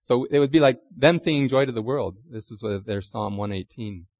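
A man's voice: mid-range voice, brisk, darkish tone, no echo. A man preaching a sermon, chatty and conversational, asking the listeners questions and acting out quotes. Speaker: pastor.

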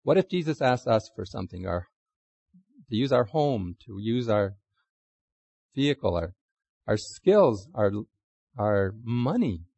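A man's voice: lowish voice, very animated, a little slow, long pauses, darkish tone, husky, dry recording. A man preaches in a chatty, conversational way. He keeps asking his listeners questions and acts out quotes in small voices. The sound is dry and close. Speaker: pastor. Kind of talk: sermon.

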